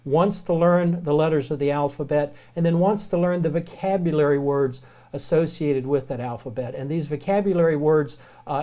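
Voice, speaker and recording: A man with a Southern American accent teaching the Greek alphabet in a relaxed, folksy recorded lecture, slowing down to spell out words. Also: fairly high pitch.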